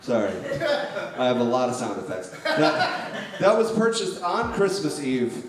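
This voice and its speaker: A man doing stand-up on a comedy club stage, delivering a mock-formal slideshow presentation in a deadpan manner. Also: mid-range voice, a little slow, a loud crowd. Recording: echoey club with music.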